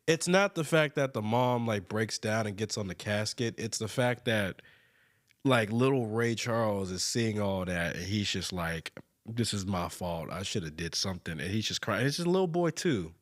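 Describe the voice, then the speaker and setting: A man's voice: lively intonation, normal speed. A man co-hosting a podcast in casual chat, laughing often and slipping into imitations. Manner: laughs often, mimics people in high voices. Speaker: podcast co-host.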